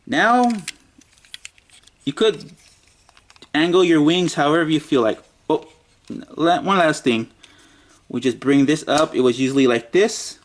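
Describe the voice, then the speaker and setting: A man's voice: on the high side, lively intonation, measured pace, pauses often. A man giving a casual toy review, muttering and joking to himself as he handles the figure.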